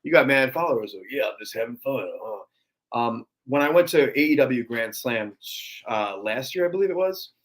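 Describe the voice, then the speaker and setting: A man's voice: mid-range voice, animated, moderate pace, low-quality recording. New guy on a podcast, rambly storyteller, lots of ums, regular mid voice. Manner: chatty storyteller, many fillers. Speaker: podcast guest. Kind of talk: casual podcast conversation.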